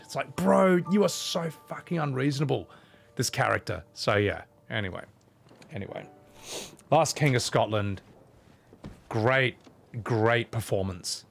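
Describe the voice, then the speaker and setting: A man's voice: a little high, sing-song, normal speed, gravelly, fairly bright tone, soft background music. A man streaming a game, chatting casually, swearing, and acting out movie scenes in put-on voices. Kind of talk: casual livestream chat while gaming.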